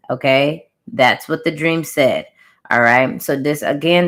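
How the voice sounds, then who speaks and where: A young adult woman casually retelling a dream to her viewers in an emphatic, slangy way, speaking straight to the camera. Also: low-pitched. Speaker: spiritual reader sharing a channeled message.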